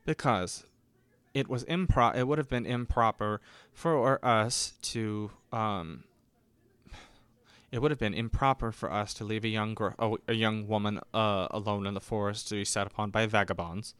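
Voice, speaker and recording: A man's voice: on the low side, moderate pace, fairly bright tone, clear, resonant tone, dry recording. A man hosting a podcast, telling stories in a casual, rambling way, often correcting himself and acting out the people he quotes. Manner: rambling, self-correcting, acts out quoted voices. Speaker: podcast host. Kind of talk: casual solo storytelling.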